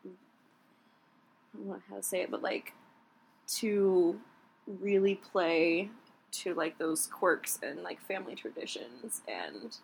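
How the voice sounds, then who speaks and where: A woman's voice: on the low side, slow, vocal fry, pauses often, slight background noise, low-quality recording. A woman co-hosting a podcast in casual chat. She talks with a hesitant, chatty manner and often laughs. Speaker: podcast co-host.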